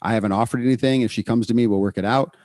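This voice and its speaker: A middle-aged man co-hosting a podcast in casual, energetic chat, repeating words for emphasis. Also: mid-range voice, rapid-fire, no room sound, clean studio sound. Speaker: podcast co-host, psychologist.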